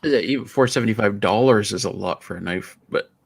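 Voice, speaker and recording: A man's voice: on the low side, quick pace, vocal fry, slightly rough. A man co-hosting a casual livestream chat, laid-back and teasing.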